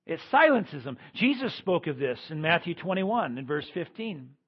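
High-voiced husky male preacher. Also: sing-song, moderate pace, lo-fi sound. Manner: preaching with swings from loud emphatic lines to quiet ones. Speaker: pastor. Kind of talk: sermon.

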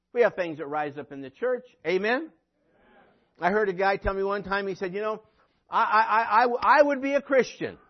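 High-voiced preaching pastor, lo-fi. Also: male voice. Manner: preachy, rising to emphatic peaks, dry sarcastic asides. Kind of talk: sermon.

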